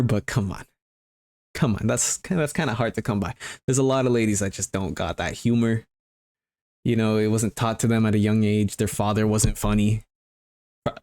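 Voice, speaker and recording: A man's voice: fairly low pitch, a little mellow. A man hosting his own show, talking loosely in a rambling, joking monologue with some swearing. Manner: loose, joking and profane, often trailing off into asides. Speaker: vlogger host.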